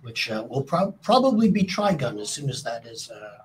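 A man talking about upcoming signings as a guest, halting and hesitant. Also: mid-range voice, big pitch swings, a little hiss or hum. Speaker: voice actor guest. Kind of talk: casual chat.

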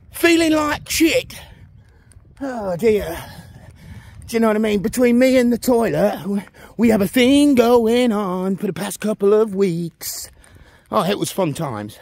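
A man's voice: high-pitched, vocal fry, husky. Breathless man vlogging on a walk. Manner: chatty, keeps asking the viewer "you know what I mean". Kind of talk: casual walk-and-talk vlog. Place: outdoors on a village road.

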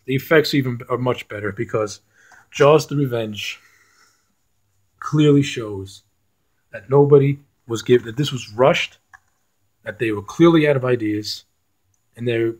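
Guy ranting bout a movie, curses a lot, keeps restarting, mid pitched voice. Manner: blunt and profane, with restarts. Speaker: film reviewer. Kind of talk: casual film review rant.

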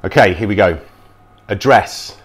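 A man's voice: fairly low pitch, unhurried. A man from Bristol with an English Bristol accent, politely reading words aloud. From Bristol, England.

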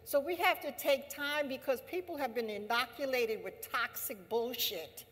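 A woman labor leader giving an impassioned assembly speech, emphatic and repetitive, rising to forceful exhortation. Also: sits high, normal speed. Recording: long hall reverb.

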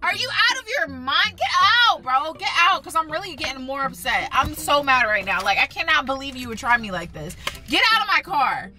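A woman's voice: sits high, sing-song, brisk, sharp tone, soft background music. A woman in her car arguing in a comedic couple skit, exasperated and scolding in disbelief.

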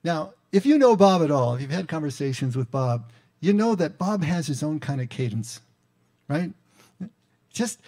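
A man's voice: a little high, expressive, brisk, a little mellow. A middle-aged male pastor telling a story in a sermon, talking like he's chatting with the congregation. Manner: conversational storytelling, with asides to the congregation.

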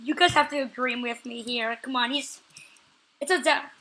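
A woman hosts her gaming channel with live commentary, her voice high and bright. She talks excitably, repeating the same short phrases several times and yelling out whenever she catches something. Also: moderate pace.

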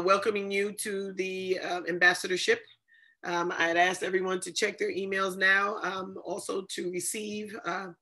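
A woman hosts an online inauguration over a video call, her voice bright and clear. She talks in long strings of thanks and praise, with plenty of ums along the way. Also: medium pitch. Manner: effusive, many fillers and thanks. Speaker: ceremony host. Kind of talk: emotional ceremony hosting on a video call.

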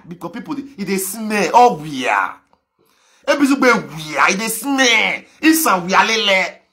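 A man with a Nigerian Pidgin accent ranting on a live video, mocking, laughing and breaking into shouts. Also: high voice. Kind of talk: animated rant in pidgin.

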